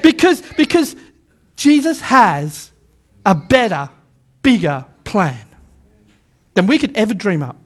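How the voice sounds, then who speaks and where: Guy preaching in church, real high voice, gets the crowd to repeat after him, stumbles and repeats words. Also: slow pace, pauses often. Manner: animated, calls on congregation to repeat lines; stammers restarts, repeats words for emphasis. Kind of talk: sermon. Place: church service with a live congregation.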